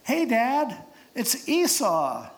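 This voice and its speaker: A man voicing a nervous young trickster who is faking his brother's voice in a strained falsetto. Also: wildly swooping pitch, extremely slow, heavily acted. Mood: nervous, squeaky.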